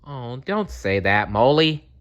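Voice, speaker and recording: A man's voice: mid-range voice, very animated, slow pace, a bit bright, pitched above the performer's own voice. A man doing a kindly fussing badger. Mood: worried.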